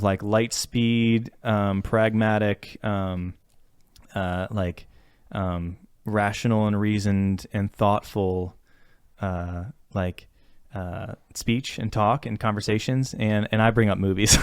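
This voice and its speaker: A man's voice: lowish voice, steady tone, a little slow, smooth, no room sound, studio quality. Earnest rambling male podcaster. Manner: rambling, many fillers and restarts; earnest and reflective. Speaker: podcast co-host. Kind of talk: casual podcast conversation.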